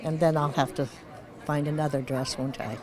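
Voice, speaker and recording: A woman's voice: low voice, fairly even intonation, normal speed, crowd noise. Rambling, joking woman in her eighties. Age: 80s. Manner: rambling, joking, chuckling often; wandering, searches for words. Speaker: award honoree being interviewed. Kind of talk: casual red-carpet interview.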